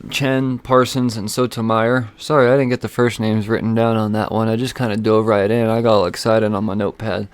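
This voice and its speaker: A man hosting a solo podcast, talking in a casual, rambling, excitable way with plenty of swearing. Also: mid-range voice. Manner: rambling, excitable, profane, full of fillers. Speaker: comic book podcast host.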